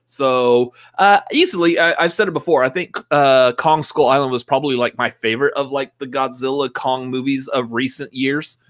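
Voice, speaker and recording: A young man co-hosts a relaxed live stream about movies. He rambles loosely, drops plenty of filler words and laughs easily, in a voice of ordinary middle pitch. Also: moderate pace, hardly any pauses. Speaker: co-host. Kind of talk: casual live-stream chat.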